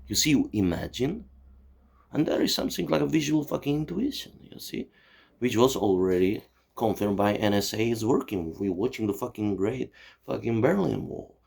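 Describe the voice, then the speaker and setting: Gravelly, profane ranting man. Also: on the low side, animated, normal speed, a little mellow. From Czechoslovakia. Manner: swearing, digressive, heavy "you see" and "you know". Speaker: channel host. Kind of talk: profane rambling monologue.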